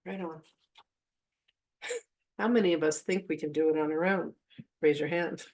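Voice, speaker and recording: Candid, chatty woman teaching a class. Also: low voice. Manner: chatty and candid, laughs often, swears offhandedly; addresses the audience directly. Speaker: spiritual teacher leading a masterclass. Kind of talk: casual teaching mixed with personal storytelling.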